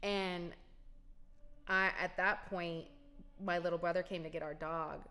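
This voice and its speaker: A woman's voice: lowish voice, fairly even intonation, unhurried, bright, forceful tone. A young adult woman telling a personal story to her viewers in a casual, emphatic way. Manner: emphatic, talks straight to viewers. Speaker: vlogger.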